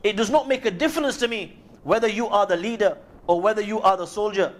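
A man's voice: high-pitched, quick pace, natural voice. A man playing a loyal, battle-hardened general. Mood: devoted.

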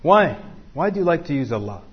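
A man's voice: a little high, very animated, fairly quick, slightly rough, muffled recording. A man teaching a class, joking and asking the room questions. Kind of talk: interactive class talk with students.

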